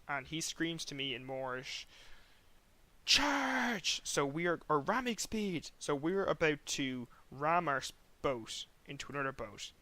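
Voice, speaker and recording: A young man hosting a podcast, telling a long rambling story in an animated way, acting out sounds and swearing casually. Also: medium pitch. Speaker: podcast host.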